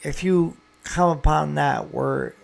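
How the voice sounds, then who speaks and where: Gravelly man giving folksy shop advice. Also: a little high, slow pace. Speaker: small engine repair shop owner. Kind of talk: casual talk to camera.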